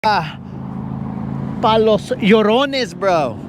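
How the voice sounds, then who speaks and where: A man's voice: high-pitched, expressive, very slow, background noise. A man hosting a live fishing stream from a boat, chatting casually in a joking, slangy, teasing way. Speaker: fishing livestream host. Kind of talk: casual chat. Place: outdoors on a lake boat.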